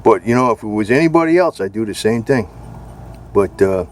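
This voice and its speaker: A man's voice: on the low side, animated, fairly quick, a little hiss or hum. A man talking casually and bluntly in a rambling home video, now and then speaking to his cat. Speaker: vlogger.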